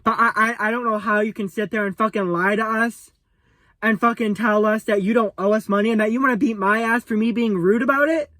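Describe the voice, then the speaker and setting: In an angry vlog rant to camera, a young man swears at and confronts someone, tripping over his words and saying things again and again. He speaks a little fast in a high, sharp voice with a steady tone, and there's no echo.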